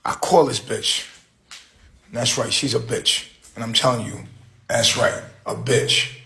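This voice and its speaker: A man's voice: mid-range voice, steady tone, measured pace, vocal fry, sharp tone. A man hosting a livestream, telling a story in a heated, profane rant full of street slang. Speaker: livestream host.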